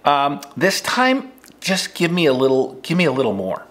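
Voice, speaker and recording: A man voicing a brisk, impatient female casting director who gives curt, clipped directions. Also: a little high, huge pitch swings, fairly bright tone.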